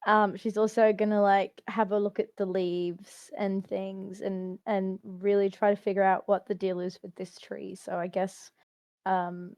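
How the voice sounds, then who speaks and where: A woman's voice: mid-range voice, level tone, unhurried, darkish tone, dry recording. A woman player in a casual tabletop game, giggly and hesitant, often searching for words. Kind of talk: casual tabletop role-play.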